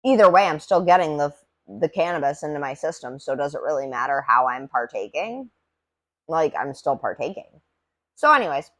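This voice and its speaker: Chatty woman, lively pitch swings. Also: normal speed. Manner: rambling, chatty, frequent "like"; swears casually. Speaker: podcast host reviewing cannabis. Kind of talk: casual solo chat.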